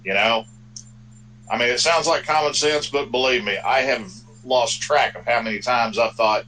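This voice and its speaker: A man talks casually with friends on a livestream, laid-back and dryly joking. His voice is bright and forceful, with a faint hum running behind it. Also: mid-range voice, normal speed, rough recording. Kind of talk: casual group chat on a livestream.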